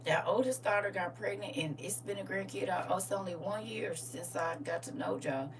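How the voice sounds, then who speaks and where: A woman's voice: mid-range voice, normal speed. A middle-aged woman at home, casually chatting with her livestream viewers. She greets them by name and laughs often. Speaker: livestream host. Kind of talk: casual morning livestream chat. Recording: slightly distant mic with faint hum.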